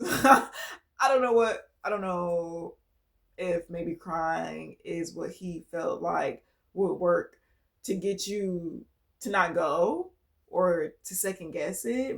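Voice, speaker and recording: A woman giving a casual collective tarot reading, talking bluntly and swearing freely. She laughs often and moves between quiet musing and loud, emphatic bursts. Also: on the low side, gravelly. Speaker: tarot reader.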